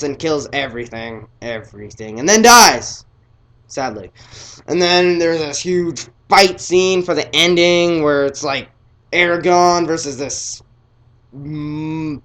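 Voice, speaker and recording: A teenage boy casually reviewing a film, excitable and rambling, his voice often trailing off quietly. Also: fairly high pitch, slow.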